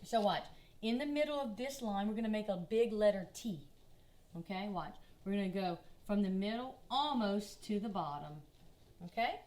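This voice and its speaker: Speaking slowly to small children, a woman with a Southern US accent guides a kindergarten drawing lesson as their art teacher, patient and encouraging. Her voice is mid-range, animated, and darkish in tone.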